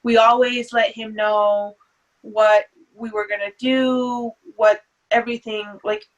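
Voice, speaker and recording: A woman's voice: a little high, flat delivery, slow pace, highs cut off. A woman speaking as a guest in an interview, earnest and hesitant, with many fillers and restarts. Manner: earnest, faith-centered talk. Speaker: guest, grieving mother. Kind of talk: emotional interview.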